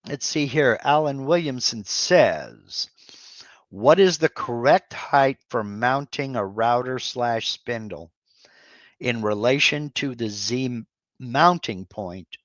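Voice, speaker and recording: A man answers viewer questions on a live stream at an unhurried, halting pace, dotting his sentences with fillers and restarts. His mid-pitched voice comes through a dull, slightly muffled mic with a dry, close sound. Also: a bit bright, dry recording. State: has hiccups.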